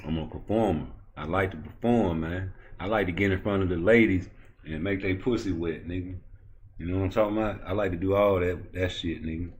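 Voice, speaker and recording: A man hosting a YouTube boxing talk show, ranting profanely and swinging from low muttering to loud, heated outbursts. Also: brisk. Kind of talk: ranting commentary.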